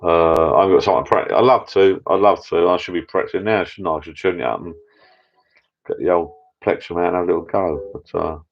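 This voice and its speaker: Low-voiced man chatting casually. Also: quick pace, vocal fry, faint music behind. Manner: rambling, chatty, many restarts. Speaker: channel host. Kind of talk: casual live chat with viewers. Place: home bar room. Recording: dull lo-fi sound.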